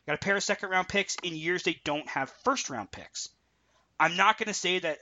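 Bright-voiced opinionated sports podcaster man. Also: high-pitched, a little fast, lo-fi sound. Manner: opinionated, animated. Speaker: podcast co-host. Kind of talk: casual sports chat.

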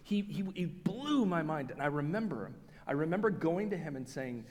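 A man preaching a sermon as pastor, telling stories in a lively way and acting out the voices of the people he quotes. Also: on the high side, fast, few pauses, big-room sound. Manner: animated storyteller, acts out quoted voices, self-restarting.

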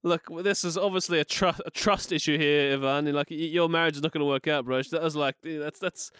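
A man's voice: on the high side, steady tone, fairly bright tone, clear, resonant tone, no room sound, studio quality. A man, a podcast co-host chatting and joking. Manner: joking, quick to laugh. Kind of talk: casual chat.

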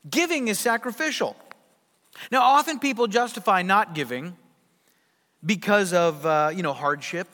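A male pastor preaching a sermon with emphatic delivery and rhetorical questions, swinging between loud and soft. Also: high voice, expressive, moderate pace, long pauses, big-room sound.

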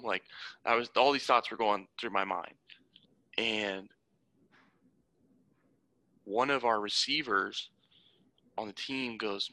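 Heated young man, bright and dry. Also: fairly low pitch, measured pace, vocal fry, long pauses, no echo, poor audio. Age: young adult. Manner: rambling, heated storytelling with many restarts. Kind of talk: casual conversation.

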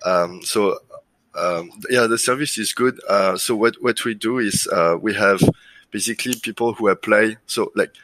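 A man's voice: lowish voice, normal speed, no echo, rough recording. A man from France with a French accent, talking casually as an interview guest, full of fillers and restarts. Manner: relaxed, many fillers and restarts. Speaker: guest, lead generation business owner.

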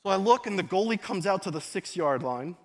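A young man preaching a sermon, moving between casual storytelling asides and loud emphatic shouted declarations. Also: sits high, lively intonation, brisk. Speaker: pastor.

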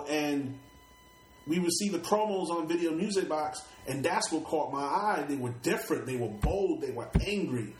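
Streetwise New York man, roomy sound. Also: a little high. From Brooklyn, New York. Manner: streetwise, repeats and restarts words, swears casually. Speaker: rapper interview guest. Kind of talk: casual storytelling interview.

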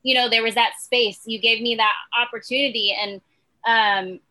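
Woman, bright voice, slightly high, earnest chatty faith chat. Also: fairly even intonation, normal speed, rough recording. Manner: earnest, chatty, many fillers.

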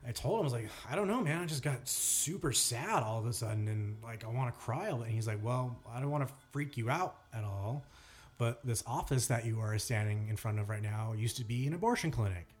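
A man's voice: mid-range voice, brisk. A man co-hosting a podcast, telling a story in casual chat with many fillers and restarts. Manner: rambling storyteller, lots of fillers. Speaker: podcast co-host.

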